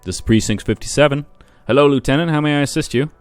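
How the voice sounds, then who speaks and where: A man's voice: on the low side, a little fast, clean tone, dry recording, faint music behind, natural voice. A man voicing a polite female police radio dispatcher with a courteous, formal manner.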